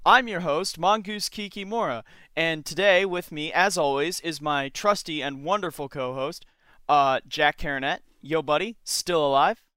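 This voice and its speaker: A man's voice: a little high, normal speed, pushed and bright, clear, resonant tone, no echo, clean studio sound. A young man hosting a casual podcast chat, joking and ironic, often laughing. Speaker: podcast host.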